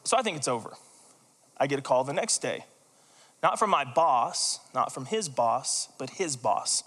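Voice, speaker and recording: A man's voice: mid-range voice, a little slow, long reverb tail. A man preaching a sermon, telling personal stories in a chatty way and acting out the voices of the people in them. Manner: animated, conversational, acts out quoted voices. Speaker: pastor.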